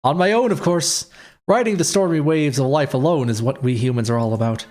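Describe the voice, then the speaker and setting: A man's voice: medium pitch, normal speed, faint music behind. Man reading a game aloud. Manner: playful, reads all characters. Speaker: streamer. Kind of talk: reading a visual novel aloud.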